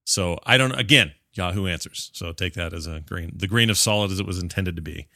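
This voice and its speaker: Podcast co-host, male, slightly low voice with a bright edge, rambling casual delivery, dry close sound. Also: a little fast, no echo. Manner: rambling, self-interrupting, reads answers aloud. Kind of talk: casual chat.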